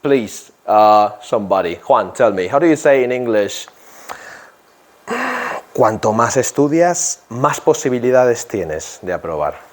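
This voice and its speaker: Man, english teacher, slow deliberate delivery, mid-range voice, repeats key phrases, classroom lesson. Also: medium pitch, lively intonation. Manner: repeats phrases, checks with "yeah?".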